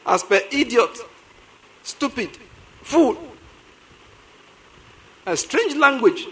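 A middle-aged Nigerian pastor with a Nigerian English accent preaches in an animated storytelling style, repeating lines for emphasis. His voice is extremely high-pitched and very slow with long pauses, and the audio is poor.

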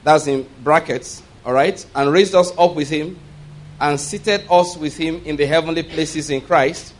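A man preaching a sermon as pastor. He reads scripture aloud, explains it line by line, and has the congregation repeat words back. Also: on the high side. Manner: leads the congregation in call-and-response; asks "all right?" as a check-in.

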